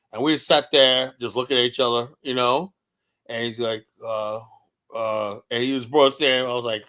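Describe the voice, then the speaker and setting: A man's voice: mid-range voice, fairly even intonation, brisk, fairly bright tone. A man, a podcast host, chatting casually and telling anecdotes, often checking in with "right?". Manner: storytelling, repeats "right?" often. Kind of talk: casual chat.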